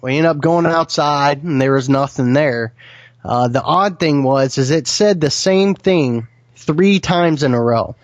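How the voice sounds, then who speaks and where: Man telling a story, slightly high voice. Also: a little slow, no room sound, dull audio. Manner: earnest, vivid retelling with frequent restarts. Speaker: guest recounting an encounter. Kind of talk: first-person storytelling.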